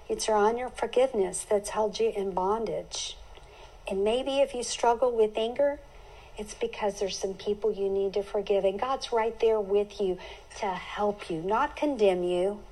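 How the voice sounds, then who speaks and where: A woman's voice: mid-range voice, mellow, poor audio. A middle-aged woman hosting a Bible teaching podcast, speaking earnestly and heartfelt, with homey turns of phrase.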